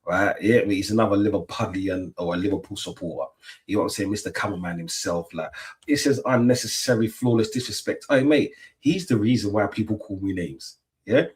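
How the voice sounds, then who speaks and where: A man's voice: lowish voice, a little fast. A young British man hosting a casual football livestream, full of playful trash talk and "yeah?" tags. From Britain. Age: young adult. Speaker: livestream host. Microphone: webcam mic.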